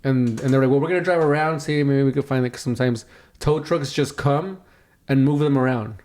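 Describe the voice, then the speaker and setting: A man co-hosting a podcast, telling a story in casual chat, acting out other people's lines with sudden jumps in pitch and lots of swearing. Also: a little fast. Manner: animated, acts out quotes with big pitch jumps, swears a lot. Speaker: podcast co-host.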